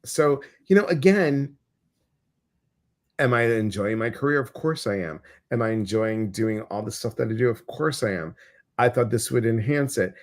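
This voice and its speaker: A man with a Midwestern American accent hosting a casual livestream chat, talking in an animated way with many fillers and restarts. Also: medium pitch, normal speed. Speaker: host.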